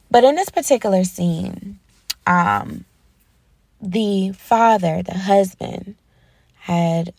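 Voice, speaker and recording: A woman's voice: fairly low pitch, vocal fry, mellow, dry recording, studio quality. A woman hosting an inspirational podcast, earnestly retelling a film scene and drawing lessons from it. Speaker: podcast host.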